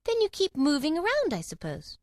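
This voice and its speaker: A woman's voice: high-pitched, huge pitch swings, fairly quick, darkish tone, no room sound, clean studio sound, voice pushed up. A woman voicing a curious, polite young girl who asks earnest, often indignant questions. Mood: questioning.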